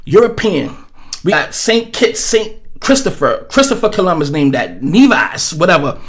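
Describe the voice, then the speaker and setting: A man's voice: a little high, sing-song, normal speed. A man hosting a livestream, giving blunt, profane, rambling commentary with many fillers into a webcam setup. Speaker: livestream host.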